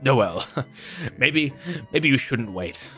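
A young man voicing a joking, gruff reindeer-monster father lying in a hospital bed. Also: mid-range voice, lively intonation, slow, fairly bright tone, soft background music.

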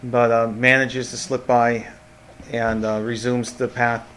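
Man, game master, halting narration, faint background noise. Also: mid-range voice, little pitch movement, fairly bright tone. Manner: halting, repeats words while narrating.

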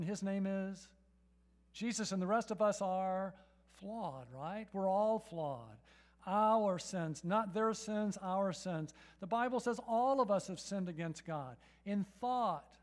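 In a church sanctuary, a pastor preaches a sermon to his congregation in a voice that sits high. He addresses the room with frequent rhetorical questions, tagging lines with "right?"

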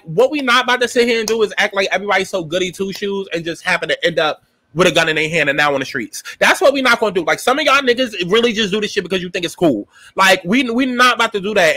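A man's voice: high-pitched, pushed and bright, dry recording. A man, giving a sassy, profane, dramatic casual commentary as a TV show reviewer. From New York.

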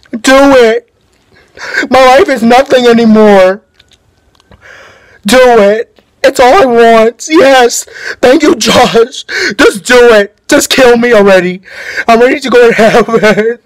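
An actor playing a frightened, broken young man in his twenties who pleads while crying. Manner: pleading, sobbing, high and strained.

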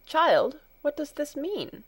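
A woman reading a storybook, voicing a stern, wealthy gentleman who questions brusquely. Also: sits high, big pitch swings, slow, pitched above the performer's own voice, heavily acted. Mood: startled.

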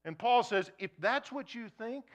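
A man preaching a sermon to a congregation, shifting between loud emphasis and hushed near-whispers, and acting out imagined questioners. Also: very high voice, lively intonation, normal speed. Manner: acts out imagined questioners in quoted asides. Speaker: pastor.

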